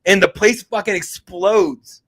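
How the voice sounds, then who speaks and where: A man hosting an MMA podcast, telling a story in a casual, excitable and profane way. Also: high-pitched, measured pace. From Mexican heritage. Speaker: MMA podcast host and reporter.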